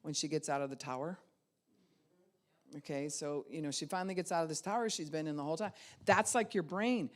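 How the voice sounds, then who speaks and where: Expressive woman pastor preaching. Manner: lively and expressive, swings pitch and loudness to act out quoted thoughts; conversational, addresses the listeners directly. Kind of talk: sermon.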